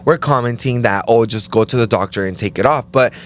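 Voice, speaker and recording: A man in casual conversation, telling a story in an animated way, full of "like" and acted-out quotes. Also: brisk, a little hiss or hum. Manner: animated, acts out quotes in higher voices, says "like" often.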